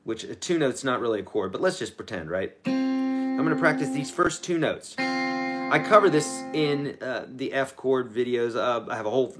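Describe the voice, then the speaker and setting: A man's voice: medium pitch, animated, moderate pace. A man in his forties, a guitar teacher giving a casual, encouraging livestream lesson with chatty, self-deprecating asides. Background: guitar playing.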